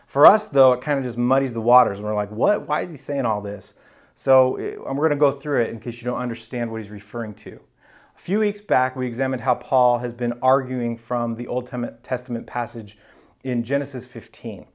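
A man's voice: medium pitch, brisk. A man, a pastor, preaching a sermon in a casual, conversational Bible-teaching manner with slang.

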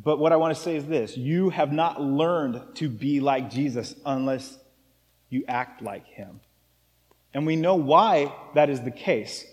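Casual joking pastor in a reverberant hall. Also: male voice, mid-range voice, measured pace. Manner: casual, joking, conversational preaching with fillers. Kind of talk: sermon. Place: church sanctuary.

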